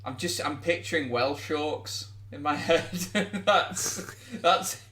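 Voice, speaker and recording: Slow, bright-voiced man, roomy sound. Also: on the high side, slight background noise. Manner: jokey, playful banter. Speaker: podcast co-host. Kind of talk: casual chat. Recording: roomy echo.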